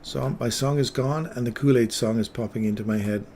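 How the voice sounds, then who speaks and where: A man's voice: mid-range voice, fairly even intonation, brisk, darkish tone, a little hiss or hum. A man hosting a live trading stream, rambling between chatty asides and market commentary with playful remarks to viewers.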